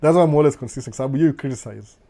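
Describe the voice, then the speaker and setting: A middle-aged Kenyan man hosts a relaxed live stream, answering viewer comments as they come in. His voice is mellow and even, and his talk moves freely between Swahili and English. He often brushes things off with a quick "no, no" and a chuckle. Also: mid-range voice, gravelly. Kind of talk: casual live chat reading viewer comments.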